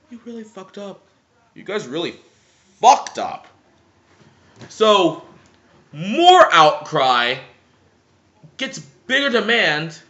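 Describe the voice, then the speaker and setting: A man's voice: high voice, a bit bright. A man ranting sarcastically and profanely in a seated commentary vlog, filmed indoors on a camera mic. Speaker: vlogger. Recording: roomy, dull lo-fi sound.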